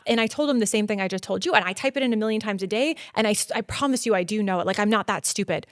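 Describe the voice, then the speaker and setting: A woman in her thirties telling a story as a podcast guest, acting out dialogue and growing loud and high when excited. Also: racing, few pauses, no room sound, studio quality.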